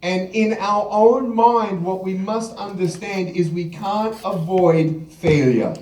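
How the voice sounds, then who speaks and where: High-voiced man speaking in an echoey hall. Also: slow pace, darkish tone, far from the mic. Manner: humorous storyteller, acts out quotes with laughter. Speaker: motivational speaker. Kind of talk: live keynote speech with anecdotes. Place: large event hall.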